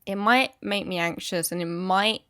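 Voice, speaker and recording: A woman's voice: mid-range voice, normal speed, sharp tone. A woman co-hosting a podcast in casual chat, tired, trading dry and playful quips. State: tired late at night. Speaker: podcast co-host.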